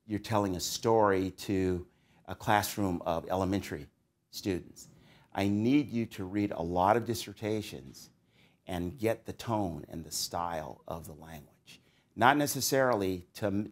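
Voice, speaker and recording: A middle-aged man, a psychology professor, giving a recorded lecture to doctoral students in a conversational, musing way, with swings of emphasis. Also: fairly low pitch.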